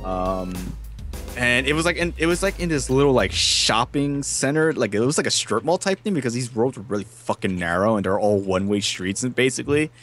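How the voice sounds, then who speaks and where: A man's voice: medium pitch, animated, fairly quick, a bit bright, faint music behind. A man who works as a technician, telling a story on a podcast in a loose, swearing, laid-back way. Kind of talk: casual storytelling chat.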